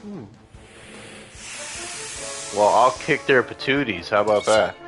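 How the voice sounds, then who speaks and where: A man's voice: on the low side, animated, slow pace, music in the background. A tipsy man streaming a video game live, chatting casually and laughing often. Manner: giggly, laughs often and mimics lines.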